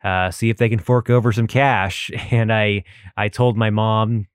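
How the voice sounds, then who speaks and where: A man in his thirties from Texas hosts his own casual podcast, talking in a loose, rambling way and often laughing at himself. His voice sits low and comes through smooth and clear. The recording is dry and close, with faint music behind him. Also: flat delivery, measured pace, no room sound. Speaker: podcast host. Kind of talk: casual monologue.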